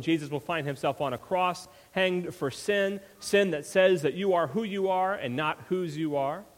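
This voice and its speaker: A pastor preaching in a church sanctuary, his voice a touch high for a man. He builds emphasis through repeated rhetorical questions, and each phrase trails into a long hall reverb. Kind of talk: sermon.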